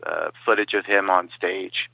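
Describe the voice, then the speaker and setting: A man guesting on an interview, telling stories in a lively way and dropping into quoted impressions. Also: low-pitched, unhurried, dry recording. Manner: animated storyteller who slips into quoted impressions. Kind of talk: casual interview over the phone. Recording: dry, tinny phone-line sound.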